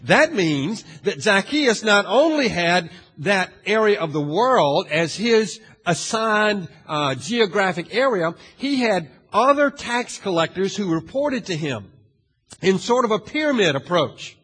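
A male pastor preaching a sermon in a dramatic way, asking the audience questions and swinging from hushed to loud. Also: high-pitched, big pitch swings, measured pace, husky. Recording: long hall reverb.

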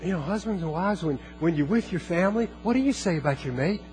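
High-voiced guy preaching, earnest, repeats himself a lot, faint music under it. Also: lively intonation, darkish tone, rough recording. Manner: earnest, repeats phrases, many restarts, slows for emphasis. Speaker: pastor. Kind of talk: sermon.

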